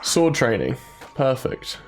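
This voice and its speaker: Male let's-player, mid-pitched, chatty and self-mocking, faint soundtrack under him. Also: wildly swooping pitch, slow pace. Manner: chatty, jokey, reads game text aloud. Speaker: gaming YouTuber. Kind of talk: casual let's-play commentary. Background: game soundtrack music.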